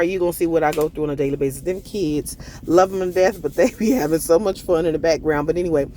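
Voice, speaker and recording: A woman's voice: fairly low pitch, slight background noise. A woman giving a casual recipe voiceover from a parked car, chatty and folksy, her throat a little irritated. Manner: chatty, folksy, addresses viewers as y'all. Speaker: cooking vlogger. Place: parked car on a work break.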